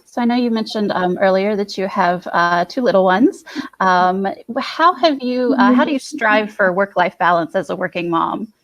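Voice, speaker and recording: A woman asks interview questions in a hesitant way. She fills pauses with many fillers and restarts before getting to each question. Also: medium pitch, animated.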